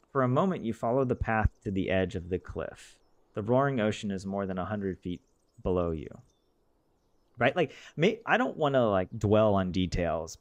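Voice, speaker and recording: A man's voice: on the low side, no room sound. A man casually playing a text game, reading its narration aloud and joking about the text as he goes. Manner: joking, chatty, questions the text as he reads. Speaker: gaming video host.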